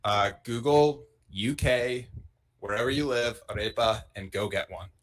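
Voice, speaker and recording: A man co-hosting a casual live podcast, relaxed and chatty. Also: medium pitch, unhurried. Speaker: podcast co-host. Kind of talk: casual chat.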